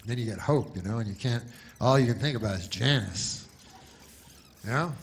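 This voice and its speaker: A man telling a meandering stand-up story in a deadpan way, full of asides. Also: medium pitch, moderate pace, vocal fry, a little hiss or hum. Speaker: stand-up comedian.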